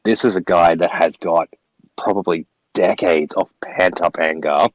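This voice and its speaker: A man who is a guest on a casual film discussion, recounting scenes in long, steady runs. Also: low voice, measured pace, no room sound, poor audio. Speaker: guest co-reviewer.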